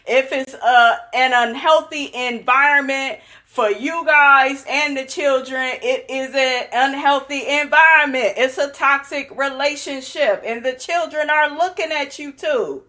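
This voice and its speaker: A woman's voice: high-pitched, measured pace, hardly any pauses, bright, forceful tone. A young woman hosting a reality show recap, chatting casually in a sassy, opinionated way and calling her viewers "honey.". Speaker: recap channel host.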